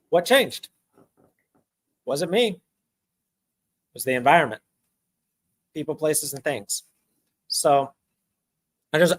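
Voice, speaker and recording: A man in a casual podcast conversation, talking animatedly with frequent restarts and repeated words. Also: fairly high pitch.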